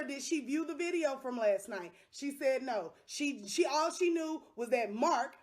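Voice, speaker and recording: A middle-aged woman, vlogging to camera, upset and impassioned, repeating lines for emphasis. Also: sits high. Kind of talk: angry direct-to-camera vlog.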